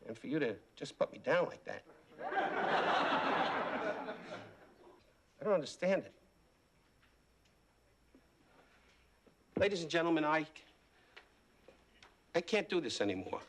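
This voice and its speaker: An actor playing an insulting late-night talk show host with a mocking, theatrical manner in a sitcom. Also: male voice, high-pitched, sing-song, normal speed, slightly rough, exaggerated voice. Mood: wounded. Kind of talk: 1980s sitcom acting. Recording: loud studio audience laughter.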